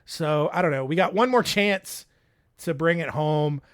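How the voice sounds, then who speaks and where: A man's voice: a little high, unhurried, a bit bright. A man hosting a podcast, rambling through a casual solo recap in a sarcastic, self-mocking way. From United States. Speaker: podcast host.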